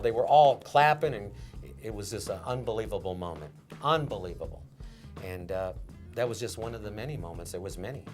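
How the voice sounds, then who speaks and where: Older ex-dealer from vegas, animated storyteller, does the voices, light music under it. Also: male voice, mid-range voice, moderate pace. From Las Vegas. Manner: animated storyteller, acts out quotes. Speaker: former casino dealer. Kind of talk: storytelling interview.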